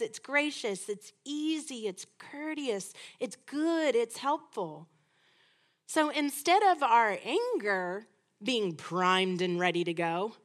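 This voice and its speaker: A middle-aged woman teaching a women's Bible study lesson in a lively, conversational way, acting out little quoted exchanges as she goes. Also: mid-range voice.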